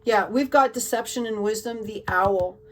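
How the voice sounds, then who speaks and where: A woman's voice: mid-range voice, normal speed, distant mic, low-quality recording. A woman giving a tarot card reading to her viewers in an emotional, gushing way, often checking in with "okay?". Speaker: tarot reader.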